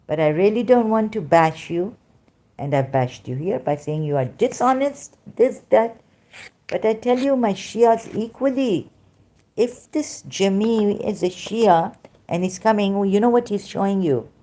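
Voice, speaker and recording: A woman's voice: medium pitch, lively intonation, a little slow, mellow. A woman vlogger with a non-native English accent, talking straight to her viewers in an emphatic, rambling way. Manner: emphatic, rambling, addresses listeners directly. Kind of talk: unscripted monologue to viewers.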